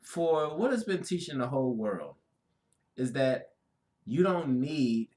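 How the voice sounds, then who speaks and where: A man co-hosting a casual spiritual talk, speaking in an easygoing, drawn-out way with frequent affirmations. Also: medium pitch, sing-song, darkish tone. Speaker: co-host.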